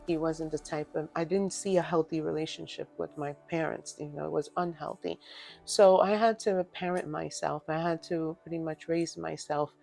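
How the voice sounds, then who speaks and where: A woman, speaking earnestly and reflectively in a personal testimony vlog, pausing often as she talks. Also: low-pitched, fairly even intonation, gravelly, warm tone, soft background music. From Dominican Republic. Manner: earnest, reflective, halting with many pauses. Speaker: vlogger.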